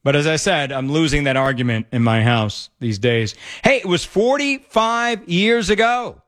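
A man's voice: fairly high pitch, lively intonation, normal speed, a bit bright. A man hosting a talk radio show, opinionated and laughing often. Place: radio studio.

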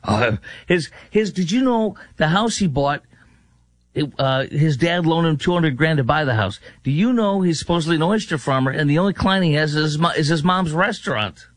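A man's voice: on the high side, lively intonation, normal speed, no echo. A man hosting a political talk radio show, sarcastic and mocking, firing off rhetorical questions.

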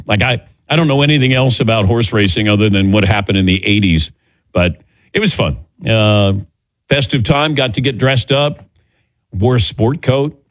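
Middle-aged sports radio host, dry sound. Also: male voice, lowish voice, moderate pace, no echo. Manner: storytelling, acts out quoted voices. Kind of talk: casual sports radio chat.

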